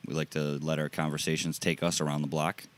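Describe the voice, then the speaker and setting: Laid back podcast host guy, real deep voice, chuckles a lot. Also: fast. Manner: relaxed, easygoing, laughs often. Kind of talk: casual chat.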